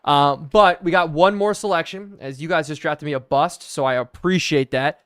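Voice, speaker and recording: A man's voice: fairly high pitch, normal speed, fairly bright tone, clear, resonant tone. A young man live-streaming a video game, chatting to viewers and thinking aloud as he plays.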